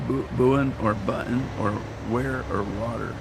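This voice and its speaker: A man's voice: medium pitch, fairly even intonation, slow, vocal fry, hardly any pauses, noisy background. A man rambling and joking his way through casual commentary while he plays a farming game. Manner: joking, rambling, self-mocking. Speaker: game streamer.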